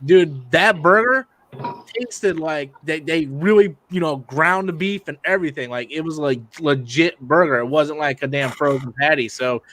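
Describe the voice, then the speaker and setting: A man's voice: fairly high pitch, normal speed, fairly bright tone. A man hosting a casual live-stream discussion, laid-back, with frequent restarts and plenty of swearing. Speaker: channel host.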